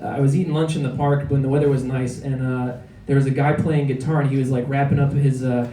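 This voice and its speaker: A man's voice: mid-range voice, level tone, quick pace, recorded from a distance, a little hiss or hum. A male comedian performing a headline stand-up set in a comedy club, rambling and self-deprecating, with lots of hesitant fillers. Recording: echoey club, taped from afar, loud crowd. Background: audience laughter.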